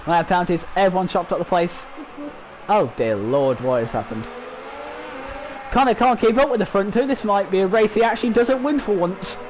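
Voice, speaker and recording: A young British man commentating an online racing league, excitable and exclaiming over crashes. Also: sits high, quick pace, hardly any pauses, slight background noise, poor audio. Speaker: race commentator.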